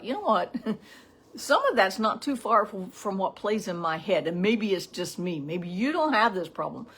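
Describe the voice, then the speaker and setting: A woman's voice: lowish voice, slight background noise. A middle-aged woman giving a casual morning devotional, talking in a chatty way with frequent "right?" asides. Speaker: devotional teacher.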